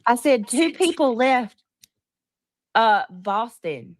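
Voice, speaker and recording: A woman's voice: fairly high pitch, sing-song, takes it slowly, background noise. A woman hosting a live-stream chat, talking in an indignant, profane way and repeatedly demanding answers. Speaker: livestream host.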